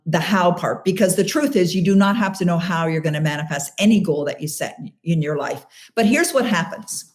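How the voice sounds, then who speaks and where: A middle-aged woman hosting a live question-and-answer show, coaching listeners in an emphatic, encouraging way and repeating key phrases for stress. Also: deep voice. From Canada.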